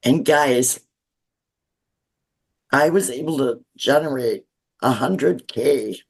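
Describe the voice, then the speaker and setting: A woman's voice: extremely low pitch, slow, husky. A woman of sixty giving an earnest, teary-eyed testimonial as a guest. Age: 60s. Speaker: guest client.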